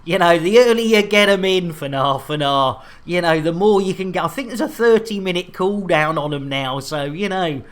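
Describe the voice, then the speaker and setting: A woman's voice: lowish voice, moderate pace, hardly any pauses. A woman from the UK streaming a game, chatting playfully and greeting viewers by name. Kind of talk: casual live-stream chat.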